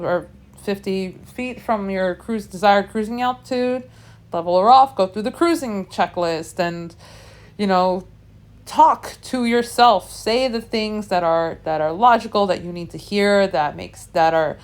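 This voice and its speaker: A young woman telling a candid, self-deprecating story in a casual vlog, talking from the cockpit of a small plane with frequent restarts. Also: mid-range voice. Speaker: vlogger and pilot.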